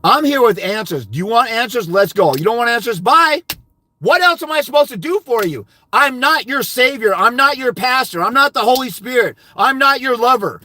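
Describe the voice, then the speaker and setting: A man's voice: extremely high pitch, expressive, a little fast, few pauses, bright, forceful tone. An older man, a fathers' rights consultant, delivering a blunt, profane monologue that berates his viewers.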